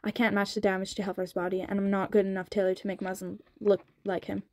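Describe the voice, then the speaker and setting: A woman reading the part of a sharp-tongued young woman healer in a sped-up audiobook, with an exasperated, quick-witted delivery. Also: medium pitch, flat delivery, dry recording, close to an everyday voice.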